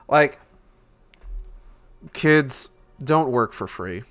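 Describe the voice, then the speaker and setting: A man's voice: mid-range voice, sing-song, unhurried, a bit bright. A young man hosting a book club stream, reading a novel aloud and breaking in with sarcastic, profane commentary.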